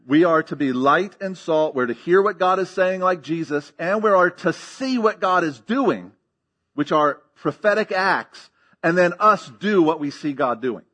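A man's voice: fairly high pitch, expressive, unhurried, a bit bright. A man preaching a sermon as pastor, teaching emphatically with rhetorical questions and frequent checks of "okay?".

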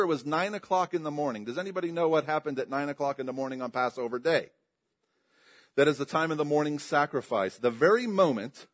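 Male pastor with a slightly raised voice, preaching with emphasis, dropping low and quiet for key points. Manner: emphatic, rising and dropping in pitch and volume; asks the congregation questions. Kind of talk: sermon.

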